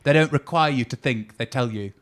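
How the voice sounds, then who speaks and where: A man's voice: medium pitch, brisk. A man hosting a podcast, chatting casually with dry, wry jokes. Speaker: podcast host. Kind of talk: casual chat.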